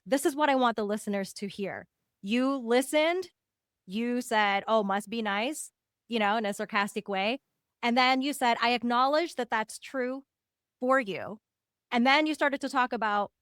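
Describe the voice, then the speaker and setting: A woman hosts a podcast interview and asks engaged, reflective questions. Her voice sits a little higher than average. The recording is dry and close. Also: fairly bright tone, no room sound. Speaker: podcast host. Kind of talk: casual interview talk.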